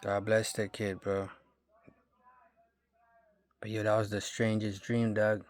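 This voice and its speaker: A man's voice: fairly low pitch, little pitch movement, slow, dry recording. Slangy man telling a rambling story. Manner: slangy, profane, rambling street talk. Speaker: vlogger. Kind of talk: casual storytelling monologue.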